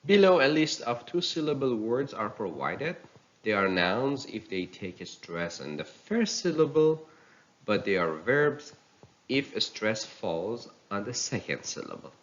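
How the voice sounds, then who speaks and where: A man teaching English pronunciation, reading word lists and examples slowly and with careful enunciation, a native Persian speaker. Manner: deliberate, careful enunciation with lively pitch. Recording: dull lo-fi recording.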